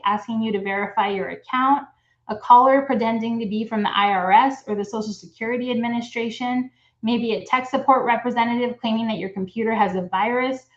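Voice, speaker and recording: Higher-voiced woman presenting in an echoey room. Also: highs cut off. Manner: informative, practical, with frequent ums and uhs. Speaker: credit union presenter. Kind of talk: educational webinar presentation.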